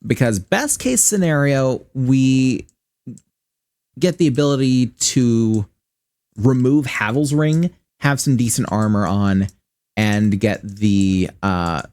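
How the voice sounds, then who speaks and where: A man's voice: mid-range voice, a little mellow, no room sound. Profane, rambling Midwestern man streaming. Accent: general American Midwestern. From Michigan, US. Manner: rambling, profane, thinking aloud. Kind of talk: casual gaming stream commentary.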